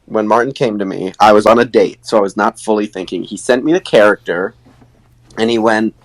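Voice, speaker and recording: A man who is a voice actor, chatting casually and telling animated stories, slipping into voices as he goes. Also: fairly low pitch, brisk, poor audio. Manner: animated storytelling, slips into voices. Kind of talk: casual chat in a voice chat.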